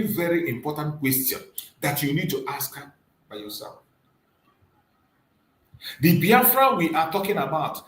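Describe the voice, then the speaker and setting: A man delivering an impassioned political monologue, hammering rhetorical questions and repeating them, rising to loud emphasis then dropping low. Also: echoey room, low-quality recording. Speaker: channel host and activist commentator.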